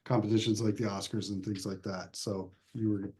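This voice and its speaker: A filmmaker being interviewed, telling stories in a casual, animated way with frequent restarts. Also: male voice, fairly low pitch, a little fast. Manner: animated storyteller, restarts often, acts out quotes. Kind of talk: casual interview over video call.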